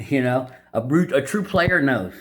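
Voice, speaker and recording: Over slight background noise, a man with a medium-pitched, fairly bright voice speaks a little slowly but with animation. He hosts a video summarizing a dating-advice book in unscripted, casual commentary, blunt and opinionated, with lots of fillers and restarts.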